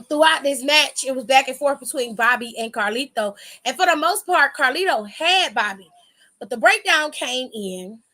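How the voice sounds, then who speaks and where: A woman's voice: sits high, pushed and bright. A woman casually recapping wrestling for her viewers, sassy, profane and chatty.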